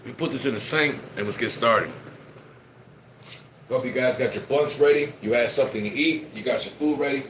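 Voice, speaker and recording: A man's voice: mid-range voice, normal speed, a bit bright, a little hiss or hum. A man, streaming and chatting casually to his viewers, rambling and joking as he eats. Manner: rambling, joking, talks while eating.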